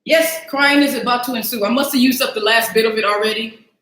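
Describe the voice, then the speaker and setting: Talking fast in a fairly high, somewhat bright voice, a woman streams a casual live cooking show from her home kitchen. She is chatty and self-deprecating with her viewers, and the recording sounds roomy.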